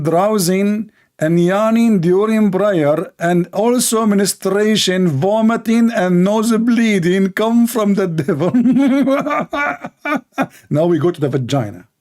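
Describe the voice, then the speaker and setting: A man's voice: sits high, animated, slow pace, a little mellow. A man giving mocking, exasperated commentary, sarcastic and laughing. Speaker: religious debate commentator.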